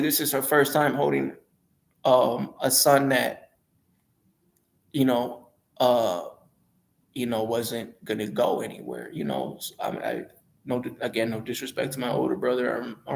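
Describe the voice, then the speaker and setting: A man's voice: mid-range voice, normal speed, creaky. A man casually telling his own life story in a rambling, hesitant way, often repeating and correcting himself.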